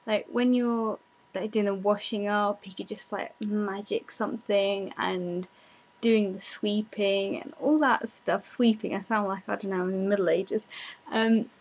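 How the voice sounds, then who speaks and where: A woman's voice: mid-range voice, steady tone, measured pace, low-quality recording. A young woman, chatting casually as she answers viewer questions, self-deprecating and full of ums and likes. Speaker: vlogger.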